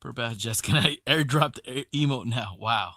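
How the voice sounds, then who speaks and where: Dude doing live baseball play-by-play on stream, super bright edgy voice, dead dry mic, gets hyped then chats w/ chat. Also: male voice, mid-range voice, moderate pace, dry recording. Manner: excitable, chats with viewers between calls.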